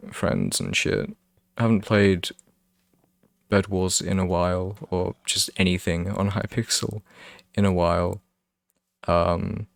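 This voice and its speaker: A young adult British streamer with a deep, gravelly voice chats casually with his viewers, and there's no room sound at all. He rambles, keeps interrupting himself, and laughs often.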